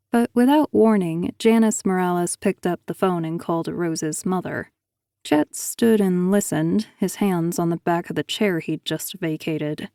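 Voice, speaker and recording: A woman narrating an audiobook thriller in a steady, even storytelling manner on a close mic. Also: fairly low pitch, no room sound.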